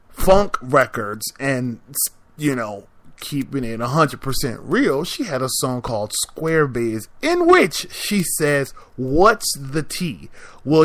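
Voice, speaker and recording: A man's voice: a little high, fairly bright tone, no room sound. A man hosting a podcast, delivering a sassy, exasperated rant with mocking little impressions. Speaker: podcast host. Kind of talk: ranting monologue.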